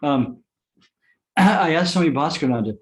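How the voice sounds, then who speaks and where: A man giving a spiritual satsang talk, telling personal stories with soft laughs and frequent restarts. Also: on the high side, lively intonation, a little slow. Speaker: spiritual teacher.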